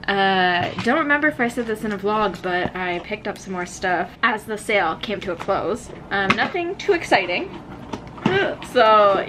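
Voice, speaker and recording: A woman's voice: mid-range voice, background noise. A woman in her twenties chatting casually to the camera in a vlog, bubbly and giggly. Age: 20s. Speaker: vlogger.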